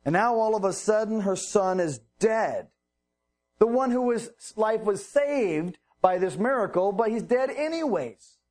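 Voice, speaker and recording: A man's voice: high-pitched, lively intonation, unhurried, a little mellow. A man preaching a sermon, reading Bible verses and explaining them earnestly with rhetorical questions.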